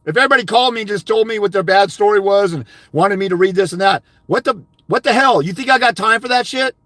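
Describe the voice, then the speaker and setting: A man's voice: high voice, fast, bright, forceful tone, dry recording. An older man, a fathers' rights consultant, delivering a blunt, profane monologue that berates his viewers.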